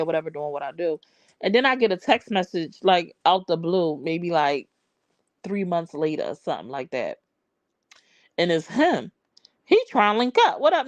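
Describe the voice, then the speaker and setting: A woman's voice: medium pitch, lively intonation, normal speed, dry recording. Woman in her forties, live stream storytelling, slangy and chatty, dry close sound. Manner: chatty, slangy, greets viewers mid-story.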